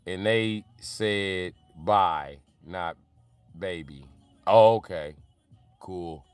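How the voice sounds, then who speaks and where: A man streaming live and reading chat aloud, in loose, animated, profane banter with frequent laughter. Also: deep voice, very slow, smooth, no echo.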